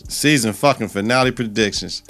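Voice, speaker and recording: Animated, profane man recapping a TV episode. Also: fairly low pitch, brisk. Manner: animated and profane, acts out scenes. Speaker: podcast host.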